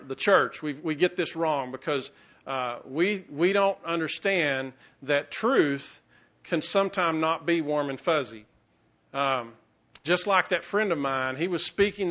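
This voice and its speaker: A man preaching a sermon as pastor in a conversational, halting way, with many restarts and fillers. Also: a little high, a bit bright, dull audio.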